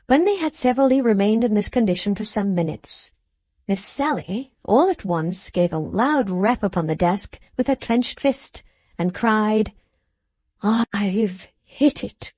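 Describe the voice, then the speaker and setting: Narrating a classic novel for an audiobook, a woman keeps her scripted storytelling calm and even. She has a mid-range voice, and the clip carries no echo.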